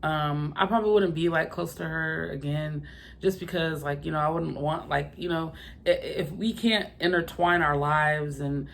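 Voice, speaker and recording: A young woman telling a story to her viewers in casual, profane talk, voicing the people in it with loud quoted lines. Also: low voice, moderate pace, gravelly, slight background noise. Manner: animated and profane, acting out quoted lines loudly. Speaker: vlogger.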